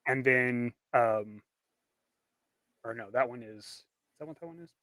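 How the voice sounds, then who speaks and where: Bright-voiced man, relaxed chat. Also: medium pitch, measured pace, no room sound. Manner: relaxed, hesitant, lots of ums when explaining ideas. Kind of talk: casual chat on a livestream.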